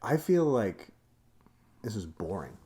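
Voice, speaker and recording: A man co-hosting a casual podcast chat in a put-on American Southern drawl, playful and quick to laugh, explaining things at length. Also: lowish voice, very animated, dark tone. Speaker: podcast co-host.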